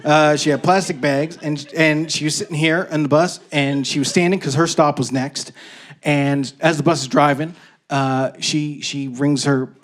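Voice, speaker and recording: A male stand-up comedian on stage with a higher-than-usual voice. He tells his stories in an animated way, jumping into voices and shouted lines. It's a live comedy set performed to a room. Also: moderate pace. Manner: animated storytelling with shouted bits and voiced characters. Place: comedy stage before a laughing audience.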